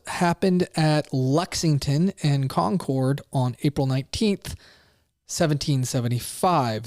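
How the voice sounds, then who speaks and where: Guy hosting his own show talking history to camera, kinda high voice, dead dry room, says um a lot. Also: a little mellow, no echo. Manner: conversational, with frequent ums and uhs. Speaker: show host. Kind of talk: casual history talk to camera.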